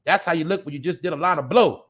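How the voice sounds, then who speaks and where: A man hosting a show, ranting bluntly and profanely at his viewers, swinging between loud outbursts and low mutters. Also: fast talker. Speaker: podcast host. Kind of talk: casual profane commentary.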